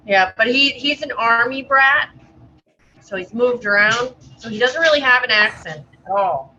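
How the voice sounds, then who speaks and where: Bright-voiced Massachusetts woman on lo-fi call. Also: a little high, lively intonation, moderate pace, a little hiss or hum. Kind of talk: casual chat.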